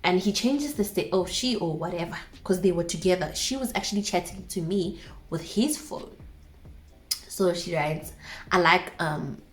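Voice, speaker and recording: A woman's voice: on the low side, animated, normal speed, slight background noise. A young woman in her twenties with a South African accent, casually telling a dramatic personal story to her viewers with asides. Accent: South African English.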